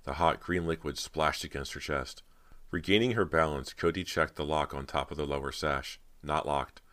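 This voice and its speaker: A man narrating a horror audiobook in a measured, dramatic reading. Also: extremely low pitch, a bit bright.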